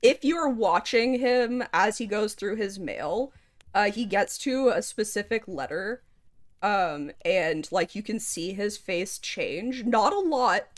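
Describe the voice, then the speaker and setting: A woman running a tabletop game as game master, narrating casually with lots of fillers and pauses. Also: medium pitch, lively intonation, no echo, clean studio sound.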